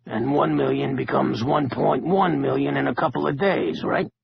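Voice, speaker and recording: A man's voice: medium pitch, normal speed, gravelly, noisy background. A man voicing an impatient, menacing casino boss who talks bluntly, on a muffled lo-fi recording.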